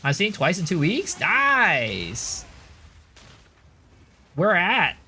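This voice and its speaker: A man's voice: high voice, huge pitch swings, very slow, gravelly, sharp tone, a little hiss or hum. An American man streaming, chatting casually, rambling through restarts and answering chat. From United States.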